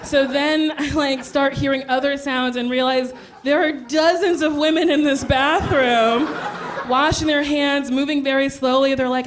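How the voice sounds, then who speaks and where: High-voiced woman doing stand-up. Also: steady tone, normal speed, background noise. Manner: brash, laughing storytelling, acts out voices. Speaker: stand-up comedian. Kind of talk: stand-up comedy set. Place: comedy club stage before a live audience. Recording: live show with loud crowd laughter.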